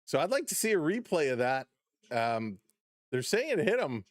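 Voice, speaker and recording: A man hosting a live baseball play-by-play stream, excitable on big plays, chuckling often and greeting chat viewers by name. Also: on the high side, normal speed, dry recording, studio quality.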